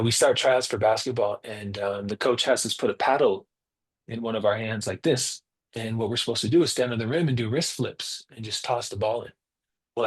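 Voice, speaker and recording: A man's voice: medium pitch, husky. A young man presenting a webinar, telling a personal story earnestly and acting out the quotes. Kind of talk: personal story in a spiritual talk. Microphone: webinar mic.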